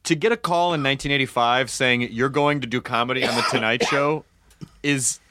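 A man's voice: mid-range voice, a little fast, pushed and bright, no room sound, studio quality. A man hosting a podcast, chatting casually and stressing his points with enthusiasm. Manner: enthusiastic, emphatic. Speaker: podcast host. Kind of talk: casual chat.

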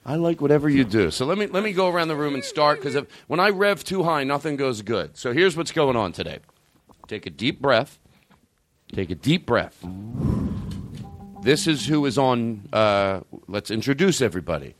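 Rambling, profane comedy host, lively voice. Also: male voice, medium pitch, a little fast, hardly any pauses, a little hiss or hum. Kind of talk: comedy talk show banter.

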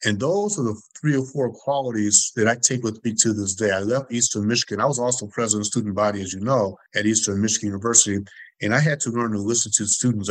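A man's voice: lowish voice, dry recording, poor audio. A man in his sixties from Detroit, telling stories as an interview guest in an earnest, passionate way with emphatic repetition. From Detroit, USA. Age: 60s. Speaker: guest, former student body president. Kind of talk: interview storytelling.

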